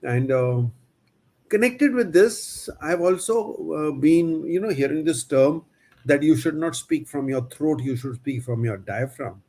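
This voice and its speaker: Slightly high-voiced male interview host. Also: animated, darkish tone. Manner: measured, hesitant phrasing with "uh" and "you know". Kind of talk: interview questions.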